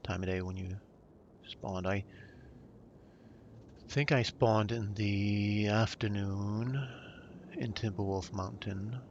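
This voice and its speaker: A man's voice: lowish voice, steady tone, slow pace, pauses often, lo-fi sound, background noise. A man streaming a game, narrating in a put-on dry British accent with mock-formal phrasing and playful self-corrections. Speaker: gamer streaming live. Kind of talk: playthrough commentary.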